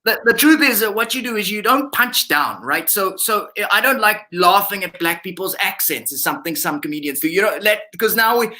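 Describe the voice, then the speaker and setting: A man's voice: sits high, expressive, pushed and bright, heavily acted. A ventriloquist voicing a cheeky, outspoken male puppet sidekick, joking sarcastically over a video call. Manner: sarcastic, quick jokes, mock outrage. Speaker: puppet comedian guest.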